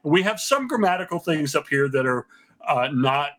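A man from the American South, a linguist guest calmly explaining things with many pauses on a radio talk show. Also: a little high. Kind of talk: radio interview.

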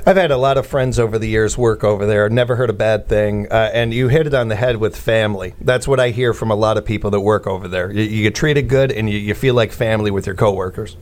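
A man's voice: lowish voice, fairly even intonation, fast, few pauses. A man hosting a radio morning show, interviewing a guest with jokey, friendly banter.

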